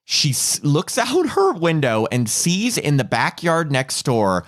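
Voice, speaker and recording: A man's voice: on the high side, slow. A man co-hosting a podcast, reviewing a horror film in casual chat and acting out its lines. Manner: animated, acts out lines from the film. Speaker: podcast co-host.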